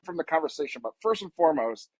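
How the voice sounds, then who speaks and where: A man's voice: fairly high pitch, lively intonation, fast talker, slightly rough, no echo. A man in his late thirties hosting a podcast, talking loosely with lots of fillers and casual swearing. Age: late 30s. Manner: loose, rambling, with many fillers and mild swearing. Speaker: podcast host. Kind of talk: casual interview chat.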